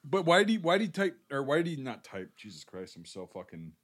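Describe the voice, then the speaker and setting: American man, podcast co-host, blunt, swears a lot, rambles, mid pitch. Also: huge pitch swings, fast talker, fairly bright tone. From United States. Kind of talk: casual chat, film critique.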